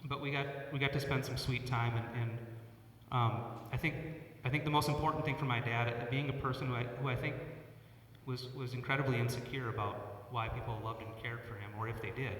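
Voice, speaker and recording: A middle-aged man, a church worship leader, giving a personal eulogy for his father, pausing and repeating words as he tells stories. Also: mid-range voice, fairly bright tone, a little hiss or hum. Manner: halting, often repeats words; personal storytelling. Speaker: eulogist, son of the deceased. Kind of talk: funeral eulogy. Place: church sanctuary. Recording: echoey church hall from far off.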